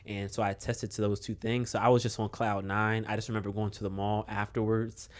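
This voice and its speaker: A young man from Maryland, a guest on a podcast, telling a relaxed story with lots of fillers and chuckles. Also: on the low side, a little fast. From Maryland, USA. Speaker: podcast guest, basketball coach. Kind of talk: casual storytelling interview.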